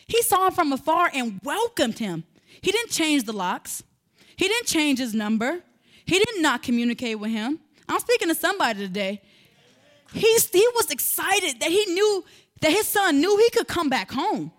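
A woman's voice: sits high, big pitch swings, moderate pace, a bit bright. A woman preaching a sermon in a conversational way, building to emphatic, rising passages.

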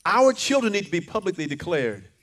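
A man's voice: high-pitched, sing-song, brisk, a bit bright. An older man preaching a sermon, fervent, with call-and-response lines and repeated words. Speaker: pastor.

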